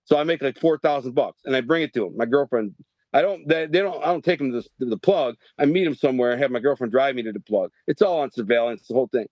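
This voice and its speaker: A middle-aged man from Detroit tells a long story as a podcast guest, jumping back and forth and restarting his sentences. His voice sits at a medium pitch. The recording is dry and a little dull. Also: quick pace, no room sound. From Detroit, Michigan. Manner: animated, rambling storyteller with frequent restarts. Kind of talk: storytelling interview.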